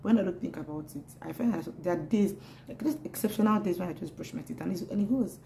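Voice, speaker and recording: Low, gravelly-voiced woman vlogging casually. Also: quick pace, slight background noise, rough recording. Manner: chatty, animated, laughs often, repeats words. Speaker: pregnancy vlogger. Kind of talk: casual talking-to-camera vlog.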